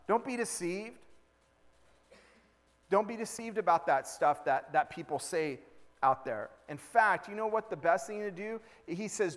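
Male pastor, high-pitched, chatty and humorous from the pulpit, church hall echo. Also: fairly bright tone. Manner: conversational, jokey preaching with acted-out asides. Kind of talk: sermon.

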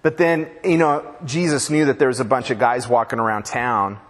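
Husky-voiced pastor preaching in a reverberant church. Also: male voice, medium pitch, fairly even intonation, moderate pace. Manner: casual and joking, slangy storytelling. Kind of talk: sermon.

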